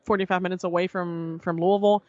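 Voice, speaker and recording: A woman guest on a podcast, telling a story in casual chat, animated and swearing freely as she acts out what others said. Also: on the low side, fast talker, dry recording, highs cut off.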